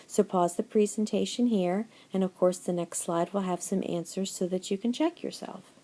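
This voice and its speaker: Gravelly, mellow-voiced Spanish teacher woman. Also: medium pitch. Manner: encouraging, switches between English and Spanish phrases; reads answer lists slowly and deliberately. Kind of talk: recorded slideshow lecture.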